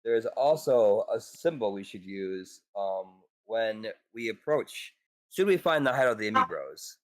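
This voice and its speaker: A man at a tabletop game suggests what the party should do next. His voice is low and easy. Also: animated, normal speed. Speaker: player. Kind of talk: casual tabletop play.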